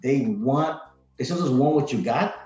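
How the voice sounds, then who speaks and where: A man's voice: mid-range voice, expressive, normal speed, darkish tone, faint music behind. A man, a podcast guest, chatting casually and energetically, rambling with lots of "like" and "man". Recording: roomy, dull lo-fi sound.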